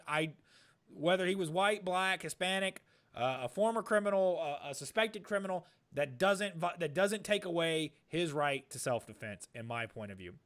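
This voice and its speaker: A man's voice: sits high, bright, forceful tone. A man co-hosting a political podcast, talking in an emphatic, argumentative way and often repeating words as he starts a point. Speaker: podcast co-host. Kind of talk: political commentary chat.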